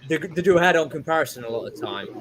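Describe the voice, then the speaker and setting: Brief: rapid male panelist, halting delivery, slightly high voice. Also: animated, heavy background noise. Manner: halting, restarts often. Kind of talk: casual panel chat.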